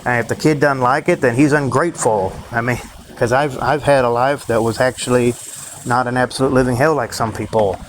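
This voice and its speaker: A man's voice: medium pitch, steady tone, brisk, slight background noise, rough recording. A man ranting in a rambling, profane monologue to his own channel, drifting from thought to thought. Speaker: vlogger.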